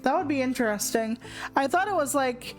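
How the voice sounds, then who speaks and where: Woman, 40s, let's play host; high voice, goofy and chatty, faint music bed. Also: lively intonation, fairly quick. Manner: goofy, self-mocking, chatty. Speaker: gaming channel host. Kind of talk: casual let's play commentary.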